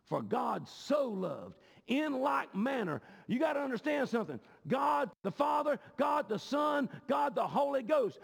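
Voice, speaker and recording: A man preaching a sermon, often shouting with a rising cadence. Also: extremely high pitch, lively intonation, moderate pace, creaky, hardly any pauses. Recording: long hall reverb.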